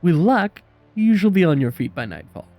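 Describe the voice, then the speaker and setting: A man voicing a disdainful, sharp-tongued male café owner who talks in clipped, insulting lines. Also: high-pitched, big pitch swings, moderate pace, lo-fi sound, soft background music, voice pushed up. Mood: scornful.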